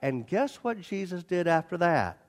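High-pitched male preacher, animated sermon, long hall reverb. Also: moderate pace. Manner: animated, acts out scenes, repeats for emphasis. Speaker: pastor.

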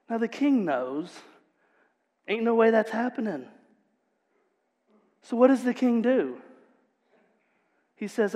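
A male pastor delivering a sermon in a lively storytelling manner. He moves from casual asides to emphatic points. His fairly high voice rings out with a long reverb in a church hall. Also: slow, long pauses.

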